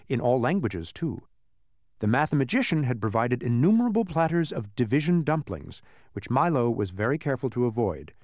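Expressive man narrating a storybook. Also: mid-range voice, no echo, clean studio sound. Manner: expressive reading aloud.

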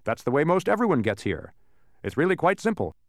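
A man putting on a confused grown man who lurches from booming highs to sulky lows, his voice leaping all over the place. The sound is close and dry, with no room around it, like a storybook read aloud. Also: big pitch swings, fairly quick, no room sound. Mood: exuberant. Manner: exaggerated, swinging between extremes.

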